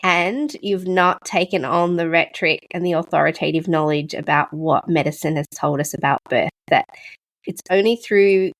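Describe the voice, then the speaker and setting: Woman, podcast host, lower pitch, sincere and effusive. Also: moderate pace. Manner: earnest, effusive. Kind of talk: casual interview.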